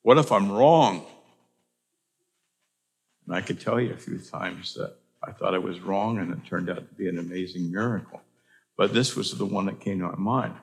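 Older male pastor, gravelly low voice, earnest sermon storytelling, stops and restarts a lot. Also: steady tone, brisk.

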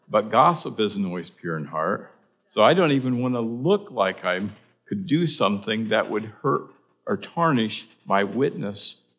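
An older man preaching as a pastor, telling stories in an earnest, halting way with frequent restarts. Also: low voice, gravelly, fairly bright tone. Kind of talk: sermon storytelling.

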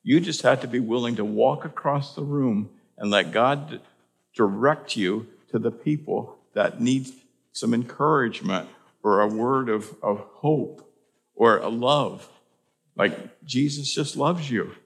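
An older man preaching as a pastor, telling stories in an earnest, halting way with frequent restarts. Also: medium pitch. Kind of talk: sermon storytelling.

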